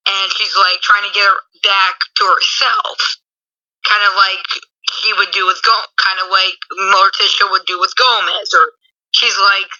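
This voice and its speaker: A woman's voice: medium pitch, little pitch movement, unhurried, sharp tone. A woman guest chatting casually, rambling with lots of filler words and giggles. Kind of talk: casual chat. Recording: muffled lo-fi audio.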